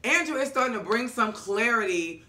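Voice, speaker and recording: A vlogger recapping a TV episode in a sassy, animated, profane storytelling manner. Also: medium pitch, normal speed.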